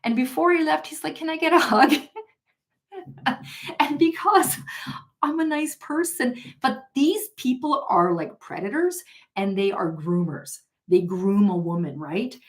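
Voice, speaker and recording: A woman's voice: on the high side, lively intonation, a little slow. Chatty woman hosting a tarot live stream. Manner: chatty, laughs often, many fillers and restarts. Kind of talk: casual storytelling while reading viewer comments.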